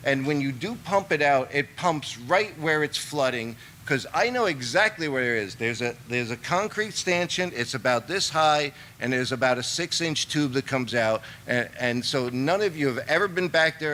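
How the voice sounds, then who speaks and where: A man's voice: on the high side, pushed and bright, slight background noise, low-quality recording. A young adult man making an agitated, rambling complaint during public comment at a meeting.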